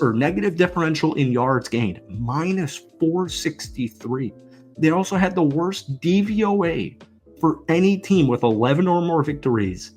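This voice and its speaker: A man hosting a football channel, giving an energetic, emphatic sports commentary rant. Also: on the high side.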